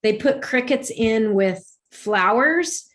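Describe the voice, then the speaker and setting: Earnest high-voiced woman telling stories. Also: animated, slow. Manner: earnest storytelling, rambling with restarts. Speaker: guest. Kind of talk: spiritual conversation.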